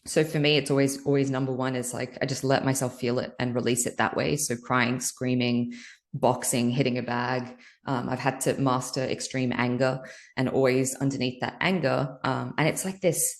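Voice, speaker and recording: A woman's voice: very deep voice, little pitch movement, normal speed. A woman guest on a podcast, a healer, talking candidly about emotional release in a loose, earnest, filler-heavy way. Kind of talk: candid spiritual interview talk.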